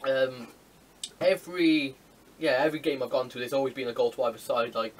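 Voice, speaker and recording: A young man from England chatting casually on a podcast, excitable and swearing freely as he tells stories. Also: mid-range voice, brisk, distant mic, a little hiss or hum, poor audio. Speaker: podcast co-host. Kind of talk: casual chat.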